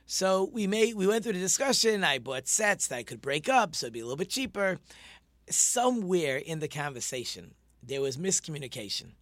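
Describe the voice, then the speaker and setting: A man's voice: high-pitched, sing-song, a little fast, a bit bright, dry recording. A man, a rabbi, hosting a casual talk show and telling a rambling, enthusiastic story with many fillers.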